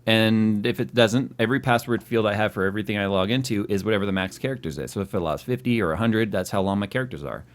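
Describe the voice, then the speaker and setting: A man's voice: on the low side, quick pace, few pauses. A man hosting a tech live stream, chatting casually and teasing his co-host. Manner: teasing, joking.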